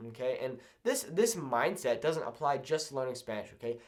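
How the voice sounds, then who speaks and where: Young guy from socal teaching casually to camera, upbeat, bouncy lively pitch, keeps saying okay. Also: normal speed, few pauses. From Southern California. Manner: upbeat, ends points with "okay?". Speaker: language learning YouTuber.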